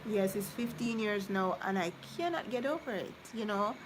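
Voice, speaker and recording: Amid heavy noise, a woman vlogger in her thirties reads her live chat aloud at a moderate pace, her medium-pitched voice lively in intonation. Chatting casually with viewers, she goes on tangents, repeats things, and speaks sincerely.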